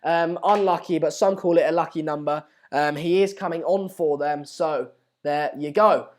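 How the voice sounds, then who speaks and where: A man's voice: fairly high pitch, moderate pace. A man hosting a live football watchalong, chatting casually and reading out viewer comments. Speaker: live stream host.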